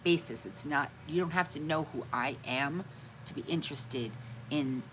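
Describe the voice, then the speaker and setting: A livestream host with a deep, slightly bright voice speaks at normal speed on a poor recording with slight background noise. She chats casually with her viewers, calling them by name, and frequently laughs at her own forgetfulness.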